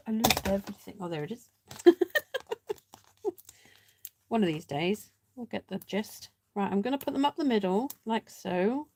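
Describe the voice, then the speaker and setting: With background noise present, a woman whose voice is a little high hosts a casual live card-making demo. She chats, talks through her process, jokes about herself, and greets viewers by name.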